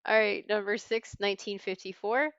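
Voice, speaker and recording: A woman hosting a trivia podcast, reading clues in a brisk, wry way. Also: mid-range voice, fairly even intonation, a bit bright, clear, resonant tone, dry recording, dull audio. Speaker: quiz host.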